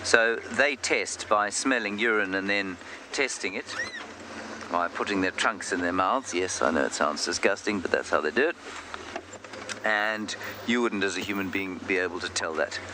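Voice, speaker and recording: Deep-voiced guy doing live safari commentary, calm and explaining, outdoor noise all around. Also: moderate pace. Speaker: safari guide. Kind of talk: live game-drive commentary. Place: outdoors in the bush on a game drive.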